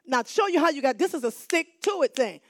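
A woman pastor preaches in call-and-response style, repeating phrases for emphasis and swinging between hushed lines and shouts. Her voice sits high and is expressive and brisk, captured as clean studio sound with no echo.

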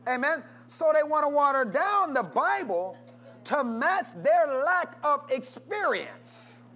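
He preaches slowly yet very animatedly, constantly calling questions out to the congregation and urging them to say amen. The call-and-response delivery swings widely in pitch and loudness.

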